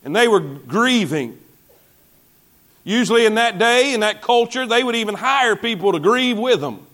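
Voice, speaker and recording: A man preaches in a high-pitched voice. He reads scripture aloud and breaks off to put questions to his congregation. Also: lively intonation, normal speed, a bit bright. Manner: preaching with call-and-response asides to the congregation. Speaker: pastor. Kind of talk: sermon.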